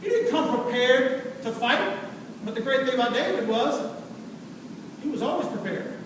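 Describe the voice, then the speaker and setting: A man preaching a sermon in a church, his voice sitting very high and building through fervent repetition. The sound is caught from a distance in a big echoey sanctuary, with clear noise behind him. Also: expressive, moderate pace. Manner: preaching with rising fervor and repetition. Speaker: pastor. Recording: echoey hall, distant mic, noisy.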